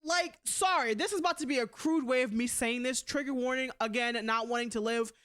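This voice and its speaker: A woman's voice: a little high, brisk, fairly bright tone. A young adult woman streamer in casual chat, blunt and rambling, cussing freely. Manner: blunt and heavy on profanity; rambling with frequent restarts.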